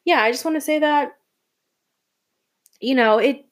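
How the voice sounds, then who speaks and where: A woman's voice: high voice, unhurried. Emotional young woman rambling on a podcast. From Atlanta, Georgia. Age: young adult. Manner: emotional, rambling, with many restarts and laughs. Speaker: student podcast host. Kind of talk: casual solo podcast monologue.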